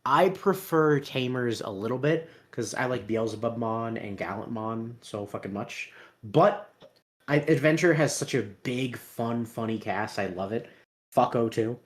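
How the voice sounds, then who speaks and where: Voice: medium pitch, a little slow. A podcast co-host in casual chat, swearing constantly, rambling and often breaking into laughter.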